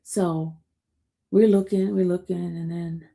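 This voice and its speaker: Lady live-streaming, chatty and animated, keeps saying y'all to her viewers. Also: fairly low pitch, takes it slowly, gravelly. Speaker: show host recapping a trial. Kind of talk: casual live-stream chat.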